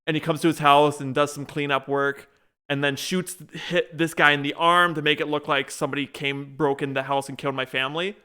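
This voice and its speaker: A man's voice: fairly high pitch, little pitch movement, a little fast, sharp tone, smooth. A young man co-hosting a casual podcast chat, rambling through a show's plot with many restarts and fillers. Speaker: podcast co-host.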